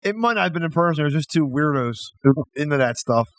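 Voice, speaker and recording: A man's voice: fairly high pitch, expressive, racing. A man hosting a comedy podcast, joking around in casual chat and often repeating words as he restarts. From Philadelphia. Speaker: podcast host.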